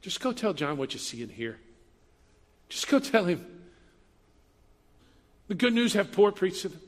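A preacher doing a calm, assured man who speaks in short, plain, repeated lines. The voice is quiet and steady, ringing out in a long hall echo. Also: sits high, measured pace. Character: calm, assured male teacher giving gentle instructions.

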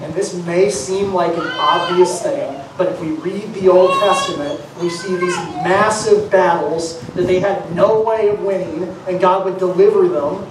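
A pastor preaching an earnest sermon in a church sanctuary, repeating key phrases for emphasis. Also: mid-range voice. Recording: very echoey hall, mic far off, noisy.

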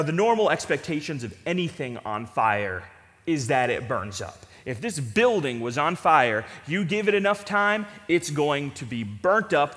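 High-voiced man preaching in a reverberant church. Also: a bit bright. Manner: earnest, pleading preaching with repeated emphasis. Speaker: pastor. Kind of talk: sermon. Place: church sanctuary with a congregation. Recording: long reverb of a church hall.

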